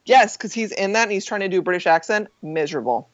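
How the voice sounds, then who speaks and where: A young man co-hosting a casual movie podcast, quick, excitable and jokey. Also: high voice, no room sound. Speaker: podcast co-host. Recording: dull, dry lo-fi sound.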